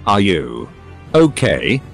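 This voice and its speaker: Storybook patient, a frail young woman, read by a low synthetic male voice. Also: huge pitch swings, slow pace, a bit bright, faint music behind, heavily acted. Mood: weak. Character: weak, bedridden young woman.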